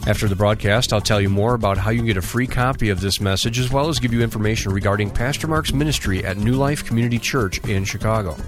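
Low-voiced male radio announcer over music. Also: quick pace, hardly any pauses. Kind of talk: scripted broadcast announcement.

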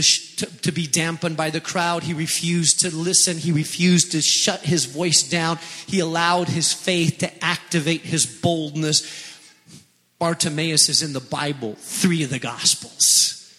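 Male pastor, high-pitched and very bright, impassioned repetitive preaching, long hall echo. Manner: impassioned preaching, repeating phrases. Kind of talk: sermon.

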